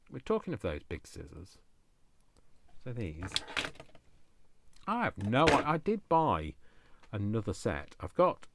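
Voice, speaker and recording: A man hosting a crafting video, rambling casually and talking to himself with jokey asides. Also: low voice. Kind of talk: casual chat while crafting.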